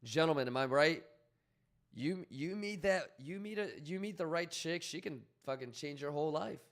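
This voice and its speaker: A man's voice: a little high, expressive, moderate pace, a bit bright. Rambling, swearing male livestreamer. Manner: loose, rambling, profane, reads out chat messages. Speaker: crypto trading livestreamer. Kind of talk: casual live stream chat.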